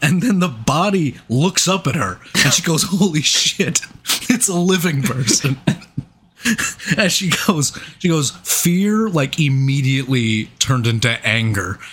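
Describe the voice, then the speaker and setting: A man's voice: mid-range voice, lively intonation, a little slow, a bit bright. A man telling a wild story in casual podcast chat, laughing often and swearing. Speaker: podcast co-host.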